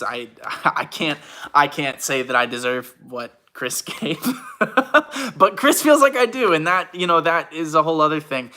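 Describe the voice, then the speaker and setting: A man's voice: mid-range voice, sharp tone. A young man, an actor and YouTuber, casually chatting on a livestream, reading out comments and thanking viewers, laughing often in a rambling, self-deprecating way. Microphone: phone.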